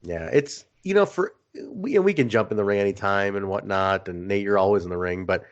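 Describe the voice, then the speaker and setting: Animated, swearing podcast co-host man. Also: fairly low pitch, brisk, muffled recording. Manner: animated storyteller, swears freely, laughs often. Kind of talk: casual chat.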